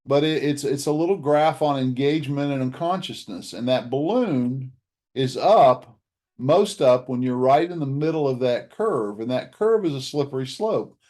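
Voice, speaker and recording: A man's voice: mid-range voice, animated, moderate pace, a little mellow. A man coaching an audience in a motivational talk, earnestly walking through a slide and offering to send the slides afterward. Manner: offers to email the slides to listeners.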